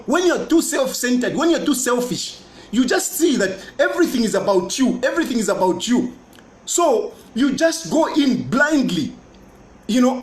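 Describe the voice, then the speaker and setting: A politician with a Zambian accent talking to camera, boastful and mocking, repeating his points. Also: extremely high pitch. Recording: roomy echo.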